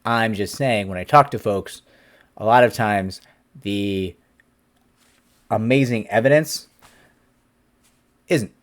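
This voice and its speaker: A man in his forties, an employment attorney, answering a viewer's question in a casual, animated talk to camera. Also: on the low side, takes it slowly, pauses often. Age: 40s. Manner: animated, conversational, acts out quotes.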